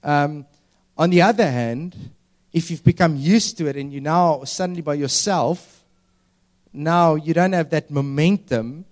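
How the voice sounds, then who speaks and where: Male preacher, slightly high voice, earnest, leans on key words. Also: a little mellow. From South Africa. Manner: earnest, stretches key words slowly for emphasis. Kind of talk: sermon.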